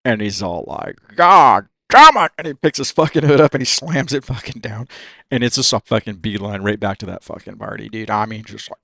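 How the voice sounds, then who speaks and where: Rapid-fire, gravelly-voiced man in his fifties, from California, swearing and dude-ing through his stories, dry close sound. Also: on the low side, no echo. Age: 50s. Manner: profane and animated, says "dude" constantly. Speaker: podcast guest, racer. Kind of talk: casual storytelling.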